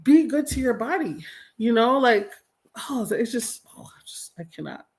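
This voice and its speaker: A woman's voice: on the high side, big pitch swings, normal speed, darkish tone. A woman hosting a livestream, reading out chat comments and giving casual commentary, blunt and exasperated, and she swears freely. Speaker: livestream host. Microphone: home streaming mic.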